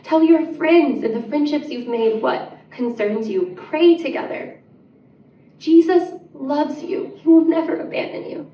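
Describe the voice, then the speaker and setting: A woman's voice: high voice, animated, a little slow, far from the mic, a little hiss or hum. A woman preaching a sermon in a church, earnest and pleading, rising to emphatic peaks. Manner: earnest, rising to emphatic, drops to soft prayer. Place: church sanctuary. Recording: echoey church room, mic set back.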